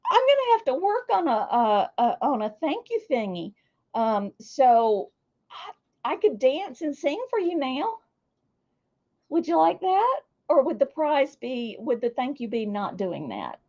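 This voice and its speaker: A woman chats slowly through a livestream, greeting viewers by name and teasing herself. Her voice sits a bit high and moves around a lot. The sound is dull and lo-fi. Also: very animated, a little mellow. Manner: chatty and self-deprecating, reads viewer names aloud. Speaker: livestream host. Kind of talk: casual livestream chat with viewers.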